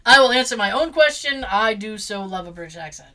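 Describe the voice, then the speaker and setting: A woman hosting a casual chat, opinionated and quick to laugh. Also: mid-range voice, expressive, heavy background noise. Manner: bubbly, opinionated, laughs often. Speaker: podcast host.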